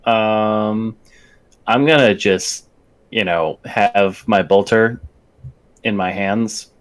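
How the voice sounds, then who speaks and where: Male player, low and smooth voice, casual hesitant chat with some swearing. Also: extremely slow. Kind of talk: casual tabletop play chat.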